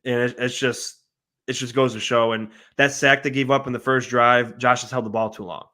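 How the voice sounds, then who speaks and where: A man on a fan podcast making his case about the offensive line in animated, argumentative casual talk. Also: medium pitch, moderate pace. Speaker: podcast panelist. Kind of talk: casual sports analysis.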